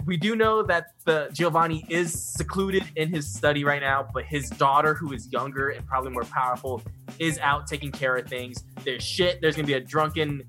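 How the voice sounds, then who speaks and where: A young-sounding man at a tabletop game session, fretting and laughing as he talks about the next move. His voice is bright and forward, with faint music under it. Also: a little high, steady tone, moderate pace. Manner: nervous, laughs often. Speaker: player. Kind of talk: casual tabletop game chat.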